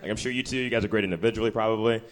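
A man's voice: lowish voice, very fast. A young man doing a stand-up set, then chatting as a guest, bouncing between silly put-on voices. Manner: lively, jumping into silly voices. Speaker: stand-up comedian.

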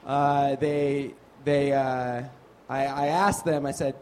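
A man's voice: medium pitch, little pitch movement, slow, hardly any pauses, a little mellow, a little hiss or hum. A man from Nevada telling a rambling, self-mocking stand-up story. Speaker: stand-up comedian.

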